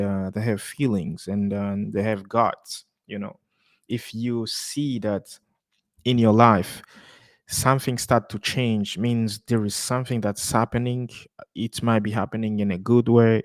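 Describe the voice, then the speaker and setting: A man's voice: lowish voice, dry recording, studio quality. A man hosting a podcast and reacting to a clip in loose, chatty commentary, laughing often and full of fillers and restarts. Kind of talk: casual commentary.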